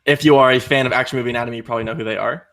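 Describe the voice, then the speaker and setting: A man's voice: medium pitch, fairly even intonation, very fast, a bit bright. A man hosting a casual podcast, easygoing and joking. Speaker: podcast host.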